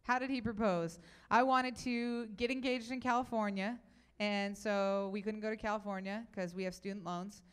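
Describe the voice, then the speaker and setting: A young woman speaks at a youth event. She tells stories in a chatty, animated way and answers questions from the crowd. Her voice is smooth and clear, at a middling pitch for a woman. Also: moderate pace.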